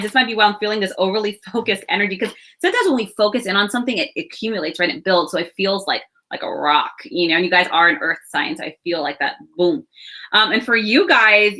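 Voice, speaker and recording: Her voice is medium in pitch as this thirty-something woman delivers a casual, reassuring astrology and tarot reading straight to camera. Warm-hearted and talkative, she drops laughs and sighs in between her thoughts.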